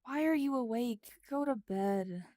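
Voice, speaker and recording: With a dark-toned, rather high voice, a woman streamer talks animatedly at a measured pace, rambling to her late-night viewers as she writes. She thinks aloud while typing and answers chat, and the studio-quality recording is dry.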